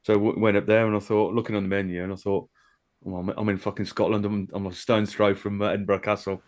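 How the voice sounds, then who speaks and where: A man's voice: on the low side, flat delivery, fast, a little mellow. A man co-hosting a casual chat show, telling stories in a rambling, hesitant way with casual swearing. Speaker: co-host.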